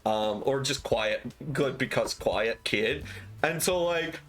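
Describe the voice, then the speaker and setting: A man's voice: mid-range voice, expressive, unhurried, fairly bright tone, faint music behind. A young man livestreaming, telling casual stories animatedly, swearing freely and acting out quoted lines. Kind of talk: casual storytelling on stream.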